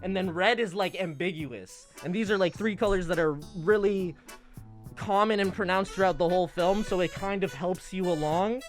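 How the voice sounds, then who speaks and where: Animated, profane male streamer. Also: sits high, moderate pace, faint music behind. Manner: animated, profane, acts out quoted dialogue. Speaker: livestreamer. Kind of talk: casual stream commentary.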